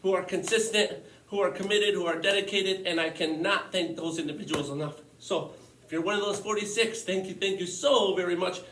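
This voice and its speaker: A man's voice: high voice, fairly quick, a bit bright, a little hiss or hum. A man teaching a home workout lesson, upbeat and encouraging, a little out of breath from demonstrating the exercises. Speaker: physical education teacher. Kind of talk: casual online lesson. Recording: echoey room, mic at a distance.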